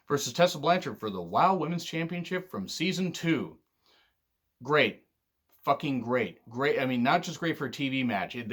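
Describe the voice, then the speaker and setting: A man casually talking through his favorite wrestling matches, candid and excitable, swearing freely. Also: mid-range voice. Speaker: wrestling reviewer. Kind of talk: casual commentary vlog.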